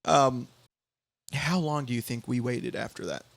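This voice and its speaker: A young man hosting a podcast, telling a story in casual chat, halting with many restarts and quoting others in bouncy voices. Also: mid-range voice, vocal fry, a bit bright. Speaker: podcast host.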